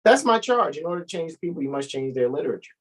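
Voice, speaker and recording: A man's voice: fairly high pitch, sing-song, fast, poor audio. A man co-hosting a casual podcast chat, blunt and profane with a preachy edge. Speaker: co-host.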